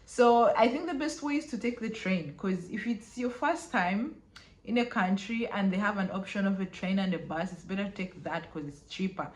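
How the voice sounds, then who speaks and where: A woman's voice: medium pitch, moderate pace. Chatty woman vlogging. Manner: chatty, filler-heavy, laughs often. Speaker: travel vlogger. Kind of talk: casual travel vlog. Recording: echoey room.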